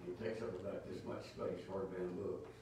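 A low-pitched man gives an emphatic teaching sermon, throwing rhetorical questions at his listeners. He is picked up from a distance, and his voice rings around a very echoey church. Faint noise hums underneath. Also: monotone, normal speed, warm tone. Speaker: preacher teaching Bible study.

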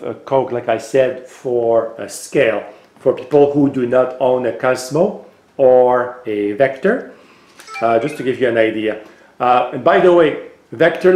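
Tech vlogger, man, mid-pitched, relaxed explainer with fillers, echoey room. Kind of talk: casual product demonstration. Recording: roomy echo.

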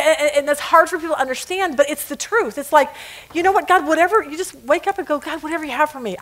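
Teaching a Bible study for women, this middle-aged woman has a high, slightly bright voice. She laughs at her own jokes while telling stories and performing quotes.

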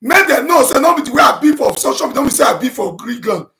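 Man, Nigerian Pidgin accent, impassioned self-defense monologue, shouting, high-pitched. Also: very animated, fast talker, gravelly. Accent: Nigerian Pidgin English. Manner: shouting, passionate, repetitive, switches into chanted vernacular. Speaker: self-styled prophet addressing his online audience. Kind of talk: impassioned monologue to camera, rebutting accusations.

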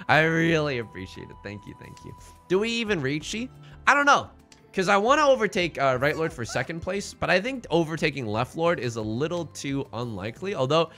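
A man's voice: fairly high pitch, fairly bright tone. A male streamer giving casual, joking commentary on his game and reading chat in a playful, self-mocking way.

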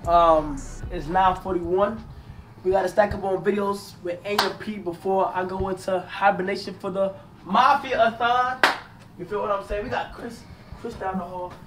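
A man's voice: high voice, fairly even intonation, moderate pace, far from the mic, over music. A young man vlogging on a trip, talking loosely and joking with his friends. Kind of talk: casual travel vlog. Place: hotel rooms and an indoor gym. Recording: roomy echo with loud background noise.

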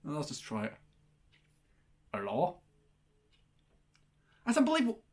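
A man hosting a prank-call video, chatting casually and excitably between calls. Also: fairly high pitch, husky. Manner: excitable, exclamatory, quick to laugh. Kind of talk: casual vlog chat.

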